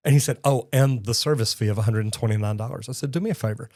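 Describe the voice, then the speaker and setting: Rapid-fire and darkish in tone, this medium-pitched male voice comes through in studio quality with no room sound. He's a middle-aged Texan with a Texan accent who hosts a plumbing education channel, offering direct-to-camera commentary full of folksy anecdotes and blunt, emphatic advice.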